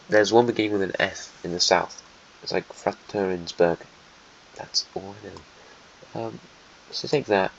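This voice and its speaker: Male narrator, lowish voice, dry sarcastic map commentary, dull home mic with faint hiss. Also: creaky. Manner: offhand, sarcastic, mutters asides while drawing. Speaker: alternate history narrator. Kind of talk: casual map-drawing narration.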